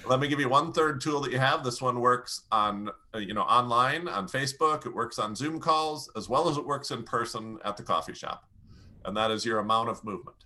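A man speaking as a presentation coach, animated and explaining with lively shifts in pace and loudness. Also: medium pitch, brisk. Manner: demonstrates pace and volume changes, animated. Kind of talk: energetic coaching talk.

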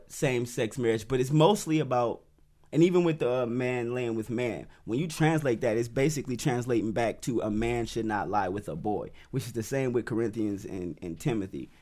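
A young man co-hosting a casual podcast, explaining his views in a relaxed, laid-back way. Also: mid-range voice. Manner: laid-back, laughing, drifts quieter as he explains. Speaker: podcast co-host.

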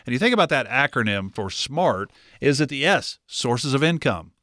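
A man's voice: mid-range voice, sing-song, normal speed, pushed and bright, dry recording, studio quality. A man co-hosting a radio finance talk show, chatting casually and playing the curious layman.

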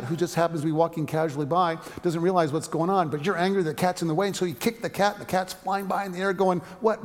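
A male pastor preaching a sermon, telling stories and asking rhetorical questions, sometimes dropping to a hushed voice. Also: on the high side, in a large hall.

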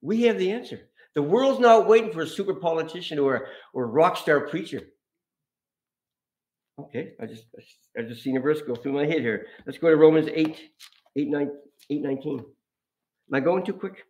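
A man's voice: a little high, moderate pace. A man preaching an informal sermon, telling stories with frequent laughter. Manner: animated, laughs often, storytelling. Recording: echoey room.

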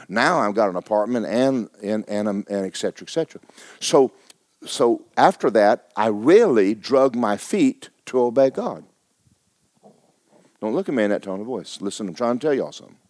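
A middle-aged man preaching a sermon as pastor, telling a personal story with stammering restarts and sudden swings between hushed and loud. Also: medium pitch, dry recording, clean studio sound.

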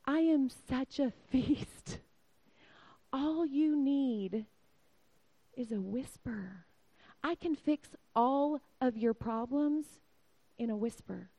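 A woman voicing God, slow and hushed. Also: high voice, exaggerated voice. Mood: hushed calm. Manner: slow, hushed, near-whispered. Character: God speaking, calm, gentle, all-powerful.

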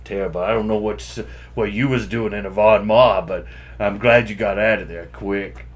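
A man playing a hesitant doctor in a comedy sketch, talking haltingly with many ums and restarts. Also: lowish voice, steady tone, close to an everyday voice. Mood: explaining. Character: fumbling hesitant male doctor.

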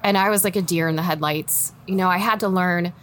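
A woman in her forties with a Midwestern American accent and a slightly low voice speaks briskly as a political candidate guest in a relaxed interview. She's animated and laughs often, acting out the lines of friends she quotes. A faint hum sits beneath her voice.

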